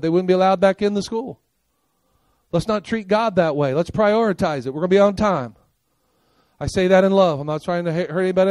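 An older man preaching a sermon as pastor, emphatic, firing rhetorical questions and asking the congregation if they are with him, swinging from loud punchy lines to quiet low ones. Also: no room sound. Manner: emphatic, rhetorical questions and call-and-response checks.

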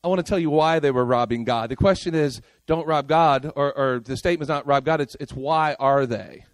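Speaking straight to the congregation, a man preaches in a lively, casual way, swinging between loud outbursts and quiet asides. His voice is mid-range and fairly quick, with no echo in the recording.

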